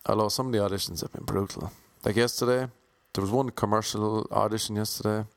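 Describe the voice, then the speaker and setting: A man's voice: on the low side, steady tone, brisk, creaky, no room sound. A man vlogging casually as an aspiring actor, rambling and mocking himself. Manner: rambling, self-deprecating. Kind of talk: casual vlog monologue.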